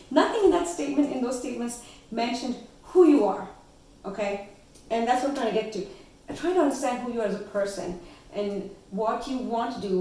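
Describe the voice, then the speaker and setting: A woman's voice: medium pitch, darkish tone, recorded from a distance, a little hiss or hum. Woman, chatty spiritual coach, off-mic in a roomy echoey house. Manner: chatty, frequent "okay?" check-ins and laughs. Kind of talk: casual teaching monologue. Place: her house.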